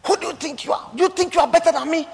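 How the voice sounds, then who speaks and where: A man's voice: very high voice, gravelly, big-room sound, voice pushed up. A preacher playing a furious, proud businessman. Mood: indignant shouting. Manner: indignant, rapid shouting. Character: angry, proud big businessman shouting.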